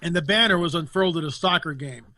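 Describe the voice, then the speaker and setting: Emphatic, indignant man with a bright voice. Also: fairly high pitch, fast talker, no echo. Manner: emphatic, indignant, repeats phrases for effect. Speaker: guest commentator. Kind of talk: impassioned political talk.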